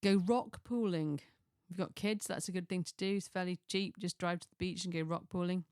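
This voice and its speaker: A woman's voice: fairly low pitch, fairly even intonation, fairly quick, darkish tone, smooth, dry recording, clean studio sound. A middle-aged woman from Chester, chatting casually through a list of ideas, rambling and restarting with chuckling asides. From Chester, England. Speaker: lifestyle vlogger.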